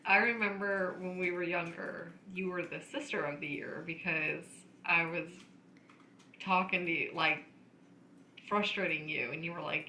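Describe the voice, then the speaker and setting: A woman co-hosting a podcast, chatting casually in a relaxed way and laughing along with her sister. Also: on the low side, unhurried. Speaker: podcast co-host. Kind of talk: casual chat. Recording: roomy echo with faint noise.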